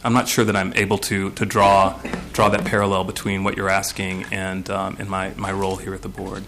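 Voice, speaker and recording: Male board nominee, lowish voice, hesitant hearing testimony with fillers. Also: monotone, brisk, vocal fry, noisy background. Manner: hesitant, searching for words, many fillers. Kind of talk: testimony at a legislative committee hearing.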